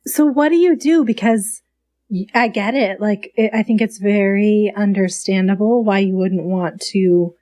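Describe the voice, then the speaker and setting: Woman, podcast host, conversational interview, supportive, affirming, middle pitch. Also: warm tone.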